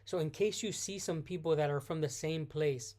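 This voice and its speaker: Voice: medium pitch, moderate pace, darkish tone. Live-streamer answering chat, self-correcting. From United States. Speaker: vlogger hosting a live stream. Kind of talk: casual live Q&A.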